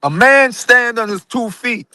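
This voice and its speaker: A middle-aged man with a Jamaican accent that comes and goes, pitched notably high for a man. He talks emphatically and tells his story in a loose, preaching way, calling the listener brethren. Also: lively intonation, measured pace, bright, forceful tone, no room sound. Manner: emphatic storytelling, drifts in and out of patois, says "brethren". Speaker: guest. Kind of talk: casual live-stream interview.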